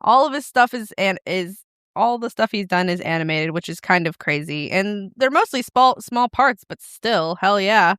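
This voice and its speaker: A woman's voice: mid-range voice, lively intonation, normal speed, a bit bright, smooth, dry recording, studio quality. A young woman co-hosting a casual podcast, reading out notes with laughs and swearing. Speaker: podcast co-host. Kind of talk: casual chat.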